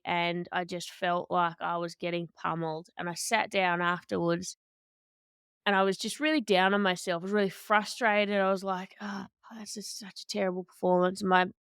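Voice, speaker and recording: A woman, a boxer and coach telling stories as a podcast guest, candid and animated, often restarting her sentences. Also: on the low side, smooth, no room sound, clean studio sound. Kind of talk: conversational storytelling.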